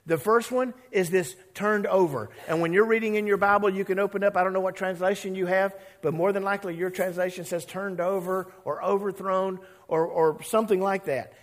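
A male pastor preaching a lively, conversational sermon with a somewhat high voice. He acts out the characters' lines in little voices and draws the congregation in playfully. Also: brisk, few pauses, long reverb tail.

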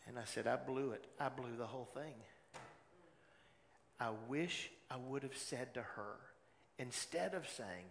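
A man preaching a sermon in a large church, his voice carrying a long hall reverb over faint room noise. He swings between raised, urgent exhortation and quiet, confessional storytelling, with a mid-range pitch. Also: animated, moderate pace, creaky. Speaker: pastor.

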